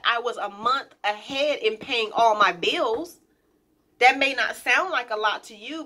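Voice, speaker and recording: A woman's voice: fairly high pitch, bright, forceful tone. A woman business owner in a casual vlog, talking directly and emphatically, repeating her key points and addressing viewers informally. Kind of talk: casual motivational vlog talk.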